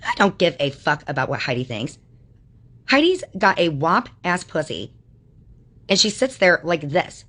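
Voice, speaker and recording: A woman with a notably low voice rants to her livestream chat. She is combative and mocking and swears constantly, firing insults at her critics. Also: sing-song, unhurried, fairly bright tone.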